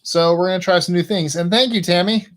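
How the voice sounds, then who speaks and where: A man's voice: high voice, steady tone, fast. A man co-hosting a casual live stream, chatting with his partner and reading out viewer messages. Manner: chatty, reads out viewer super chats.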